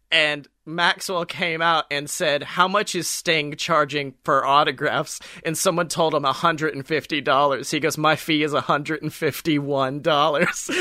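A man hosting a podcast, chatting casually and laughing as he tells animated stories. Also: a little high, no echo, studio quality. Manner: animated storyteller, laughs while telling. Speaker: podcast host. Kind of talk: casual chat.

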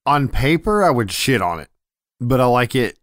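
A man's voice: medium pitch, very animated, normal speed, fairly bright tone, no echo, clean studio sound. A man co-hosting a podcast, chatting about a film, laughing often and swearing casually. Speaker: podcast co-host.

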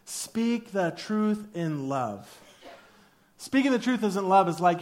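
Male pastor, 30s, high and very lively voice, casual, joking sermon delivery. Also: slow. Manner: animated, jokey, acts out quoted arguments in a raised voice.

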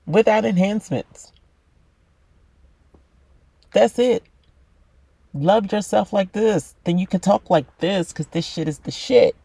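A man's voice: high voice, slow pace, gravelly, pauses often, warm tone, husky, no echo. A man giving a blunt, swear-filled motivational monologue about self-love, talking straight to the listener. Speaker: self-help podcaster.

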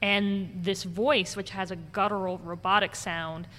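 A woman who runs ghost tours tells stories conversationally in an interview, speaking at a medium pitch and a little slowly. She's an animated storyteller who acts out the voices of the people she quotes. The recording has a long reverb and faint background noise.

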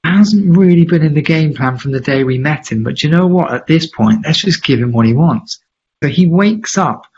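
A man, a charity founder and interview guest, telling a lively anecdote and acting out the voices of the people in it. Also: a little high, moderate pace, a little hiss or hum. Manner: lively, acts out quoted voices, laughs often. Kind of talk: animated anecdotal storytelling. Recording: slightly dull lo-fi audio.

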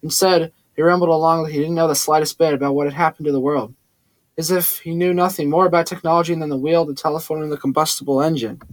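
A man narrating a first-person audiobook in a plain, steady storytelling manner. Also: fairly high pitch, fast talker, no room sound.

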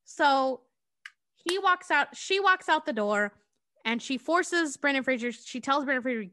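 A woman co-hosting a podcast, retelling a movie plot in casual, profane, animated storytelling. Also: high voice, measured pace, dry recording, studio quality. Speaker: podcast co-host.

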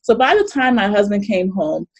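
A middle-aged woman hosting a live online workshop over a video call, chatty and animated, often laughing and reading chat comments aloud. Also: mid-range voice, moderate pace. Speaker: coach and webinar host.

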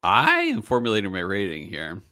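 A man with a fairly low voice hosts a relaxed whiskey tasting podcast. He talks his ratings through out loud, upbeat and a little rambling. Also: normal speed. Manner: upbeat, thinks aloud while rating. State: has the hiccups. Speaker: podcast host. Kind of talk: casual whiskey tasting chat.

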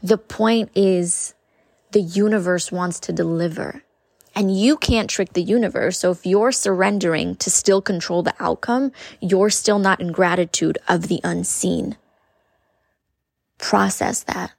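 Earnest woman host with a gravelly voice. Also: fairly low pitch, measured pace, no room sound, clean studio sound. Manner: earnest, repeats phrases, addresses listeners as "you guys". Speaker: podcast host. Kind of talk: spiritual coaching talk.

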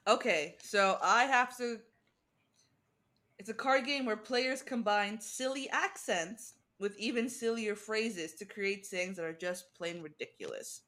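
A podcast co-host chats casually in a mid-range, fairly bright voice, taking her time. She laughs often and swears freely.

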